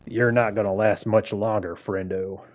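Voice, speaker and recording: A man voicing a gruff, threatening male western cowboy gambler with a drawl. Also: lowish voice, fairly even intonation, moderate pace, lightly acted. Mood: menacing.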